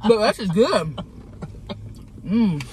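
A woman's voice: mid-range voice, animated, slow, a little mellow, a little hiss or hum. A woman playing a brash, foul-mouthed trailer-park lady, chatting crudely and teasing while eating in a parked car. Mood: blunt. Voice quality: crude and swearing, blunt and teasing. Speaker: guest. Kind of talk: casual chat in character.

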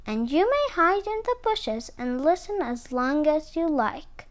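A woman reading a children's picture book aloud in an expressive, sing-song way. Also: sits high, unhurried. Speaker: storyteller.

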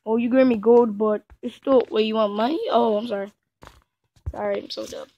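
A woman's voice: fairly high pitch, steady tone, normal speed, mellow, dull audio, a little hiss or hum, natural voice. A woman voicing a scatterbrained male car salesman in a game role-play. He hesitates and fumbles his words. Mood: eager.

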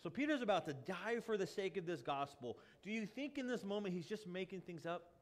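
A male pastor delivers a sermon with a fairly high, lively voice that swings widely in pitch. He talks to the congregation in a casual, emphatic way, stacking rhetorical questions and restarting phrases as he pushes his point. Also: a little fast.

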